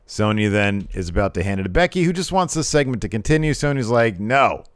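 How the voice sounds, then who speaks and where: A man's voice: on the low side, very animated, fast talker, clear, resonant tone, dry recording. A young adult man giving chatty, sarcastic commentary over wrestling footage, rambling a little. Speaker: wrestling video host.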